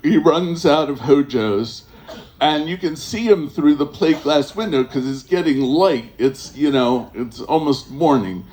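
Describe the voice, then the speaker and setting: A man spins a loose, rambling story for a live crowd, drawing it out at an unhurried crawl. His voice sits a touch high for a man, and he stops, restarts and chuckles his way through each turn of the tale. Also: darkish tone. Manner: rambling, halting, full of fillers and restarts.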